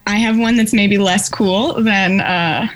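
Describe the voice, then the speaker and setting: A woman's voice: medium pitch, steady tone, slow pace. A woman appearing as a guest on a casual podcast, a law student talking about herself. She is friendly and easygoing, laughing lightly as she speaks, in a mid-range voice.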